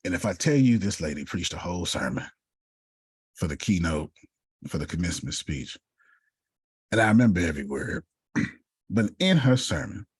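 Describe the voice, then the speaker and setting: Low husky man giving a motivational talk. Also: moderate pace, pauses often, dry recording, studio quality. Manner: animated storytelling, calls listeners by name. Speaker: speaker coaching authors.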